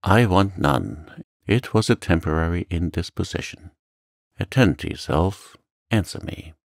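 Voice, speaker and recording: A man voicing a stern, proud magistrate in a calm audiobook reading, curt and commanding. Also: low-pitched, measured pace, vocal fry, no echo, studio quality, full character voice. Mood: stern, uneasy.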